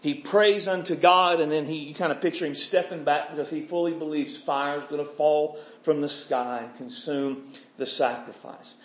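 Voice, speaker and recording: A man's voice: on the high side, fairly even intonation, normal speed. A man preaching an expository sermon, fervent and emphatic, stacking repeated phrases. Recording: dull lo-fi recording.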